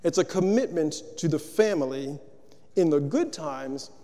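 A man's voice: a little high, lively intonation, unhurried, dark tone, long reverb tail. A man preaching a sermon, working through rhetorical questions in a loose, conversational way.

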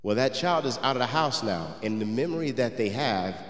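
A man's voice: medium pitch, expressive, a little fast. A man preaching a sermon. He reads old scripture, then tells a personal story that moves him. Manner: gets emotional and quiet while telling the story. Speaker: pastor. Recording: roomy hall with long reverb.

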